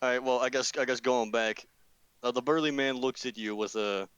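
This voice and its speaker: Guy dming for friends, rambly and swears a lot, smooth clear voice, dry sound. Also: medium pitch, steady tone, fairly quick, fairly bright tone, no echo, lo-fi sound. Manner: rambling, swears often, many fillers. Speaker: game master. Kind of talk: casual tabletop game narration.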